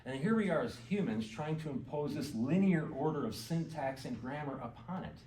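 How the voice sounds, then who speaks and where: In an indoor meeting hall, a man who is an author and garden club speaker delivers a relaxed talk, questioning his listeners and peppering it with "you know." His voice is fairly high, expressive, and a little mellow at normal speed; the echoey hall is captured from far off with slight background noise.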